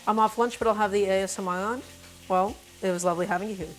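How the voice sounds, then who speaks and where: A woman's voice: mid-range voice, steady tone, fast. A woman hosting a casual cooking live stream, talking through each step and greeting her viewers by name. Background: faint music and sizzling pan.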